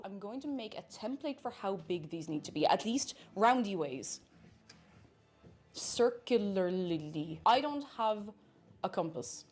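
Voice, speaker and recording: A woman's voice: mid-range voice, animated, unhurried, a little mellow. A woman streamer chatting casually and playfully while she cooks, rambling from one thought to the next. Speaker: cooking streamer.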